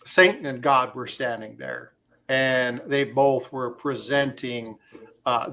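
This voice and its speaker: A man with a medium-pitched, fairly bright voice hosts a casual crypto livestream, rambling and telling stories with lots of fillers.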